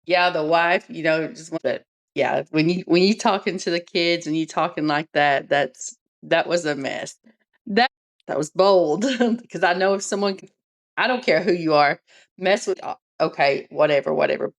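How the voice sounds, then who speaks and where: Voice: mid-range voice, normal speed. A podcast co-host in casual chat who rambles and restarts thoughts on the way to a point.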